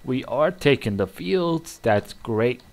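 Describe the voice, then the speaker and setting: A man giving live gameplay commentary, muttering and cursing with sudden excited outbursts. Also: medium pitch, takes it slowly. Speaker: gamer.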